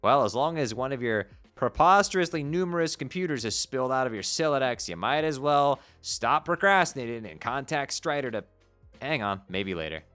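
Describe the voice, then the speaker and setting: A man's voice: mid-range voice, animated, moderate pace, a bit bright, clear, resonant tone. A man streaming casual chat, rambling with laughs and stumbling restarts. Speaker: streamer reading a webcomic aloud. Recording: background music under voice.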